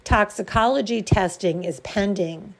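A woman reading local radio news and history items in a measured, deliberate way, with the odd stumble. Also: mid-range voice. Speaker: news reader.

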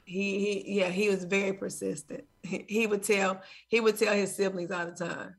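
A woman's voice: mid-range voice, flat delivery, normal speed, creaky, husky. A woman in her forties, a mother interviewed as a guest, telling stories and acting out phone calls with laughter.

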